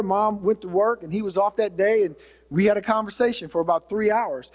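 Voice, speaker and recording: A man delivering a sermon with an earnest, conversational manner, circling back and restarting his phrases. His voice sits high for a man. The sound carries a long reverb tail, as if from a large hall. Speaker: preacher.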